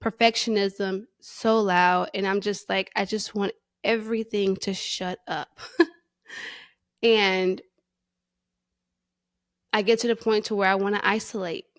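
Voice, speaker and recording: A woman hosting a faith podcast, speaking candidly and emotionally about her struggles, close to tears, with restarts and soft laughs. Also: medium pitch, steady tone, a little slow, long pauses, dry recording. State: near tears. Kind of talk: personal reflective monologue.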